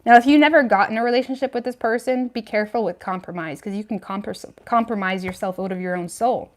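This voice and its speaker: A woman with a medium-pitched voice talks fast while doing a casual tarot reading on a livestream. She's chatty and frank, dropping plenty of "like" and "you know what I mean," and laughs between points.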